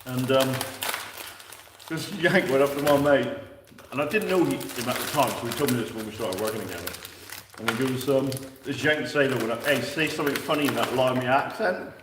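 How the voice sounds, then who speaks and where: A man's voice: mid-range voice, brisk. A man chatting casually on a stream, joking and laughing often. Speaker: stream co-host. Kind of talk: casual chat. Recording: echoey room, far from mic, noisy.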